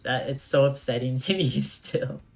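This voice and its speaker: Very low-voiced young woman streamer. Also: moderate pace, gravelly. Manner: chatty, laughing, slangy. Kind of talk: casual gameplay commentary.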